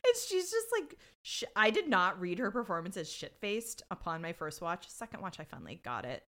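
Animated young woman co-hosting a chatty podcast. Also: medium pitch, a little fast. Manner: giggly, acts out quotes, animated storytelling. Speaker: podcast co-host. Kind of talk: casual chat.

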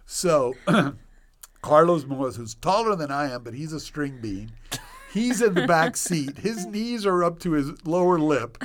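A man in his sixties, a physician guest on a podcast, telling stories with animated delivery and sound effects. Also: on the high side, a little slow. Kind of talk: podcast storytelling.

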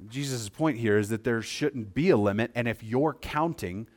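A man preaching a sermon in a conversational way, often checking that his listeners follow him. He moves between quiet, slower passages and louder, quicker ones. His voice sits at a middle pitch. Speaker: pastor.

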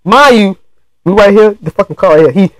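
A man co-hosting a podcast in casual banter, excitable and rambling. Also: high voice, normal speed, dry recording, low-quality recording.

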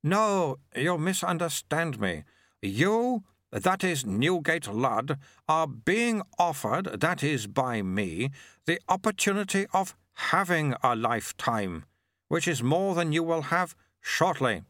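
A man voicing a brisk, dry-witted male monk who recruits a youth, speaking in a sardonic way. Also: a little high, very animated, fairly bright tone, no echo, pitched above the performer's own voice, heavily acted.

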